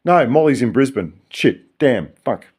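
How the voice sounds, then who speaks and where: A man's voice: mid-range voice, lively intonation, measured pace, darkish tone, slightly rough. An older man with an Australian accent talking in a rambling, tangential, sometimes profane solo monologue. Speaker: vlogger.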